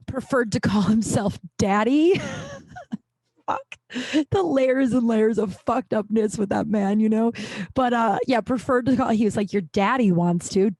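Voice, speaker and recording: A woman's voice: fairly high pitch, darkish tone, no echo. A woman hosting a podcast in a casual monologue, blunt and profane, ranting and going off on tangents. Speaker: podcast host.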